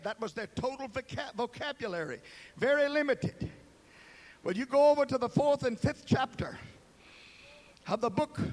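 A man with a strikingly high voice preaches a sermon. He rises to fervent shouts, then drops to a hushed, drawn-out murmur for emphasis. He hammers words in dramatic threes. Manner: repeats words in dramatic triplets.

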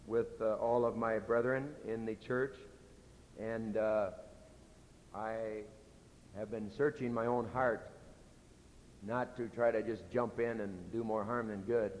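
A middle-aged pastor preaching in a church, earnest and conversational, going soft and low when he tells of his own mistakes. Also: fairly even intonation, slow pace. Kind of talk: sermon. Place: church sanctuary. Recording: echoey hall with faint rumble.

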